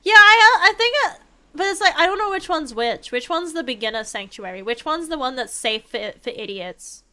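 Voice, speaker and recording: A young woman streaming a game, chatting casually in a rambling way, swearing freely and breaking into excited outbursts. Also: high voice, moderate pace. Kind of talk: casual gameplay chat.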